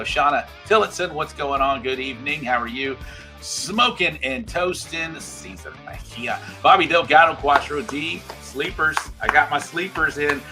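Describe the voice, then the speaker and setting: A man hosting a livestream show, chatting casually and reading out viewer shout-outs. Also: mid-range voice. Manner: reads out viewer names in quick shout-outs.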